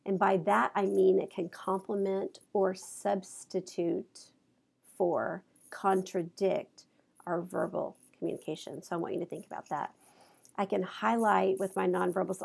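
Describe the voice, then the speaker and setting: A woman lecturing in a gravelly, low, flat voice, a little stuffy from allergies. She talks in a loose, conversational way, full of examples and small fillers. Her tone stays dark and mellow. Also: measured pace. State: congested from allergies. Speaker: college instructor. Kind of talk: recorded lecture. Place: office. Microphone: clip-on mic.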